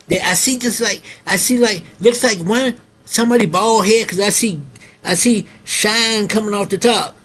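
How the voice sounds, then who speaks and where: A man's voice: high voice, moderate pace, fairly bright tone, pitched above the performer's own voice. A curious elderly wife tells her husband what she sees from the balcony, as a man puts her on in his storytelling. The voice is lifted well above his own.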